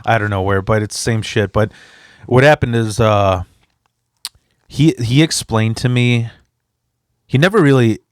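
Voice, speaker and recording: A man's voice: on the low side, a little slow, long pauses, smooth, dry recording, studio quality. A man telling stories in a casual podcast chat, rambling and profane, acting out both sides of the conversation. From immigrant. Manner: profane, rambling, animated retelling. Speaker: podcast guest, standup comedian.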